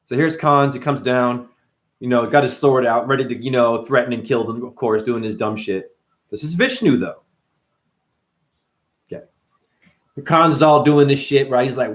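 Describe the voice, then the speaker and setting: A man hosting a casual spiritual monologue, animated and profane, full of rhetorical questions. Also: mid-range voice, normal speed, pauses often. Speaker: host.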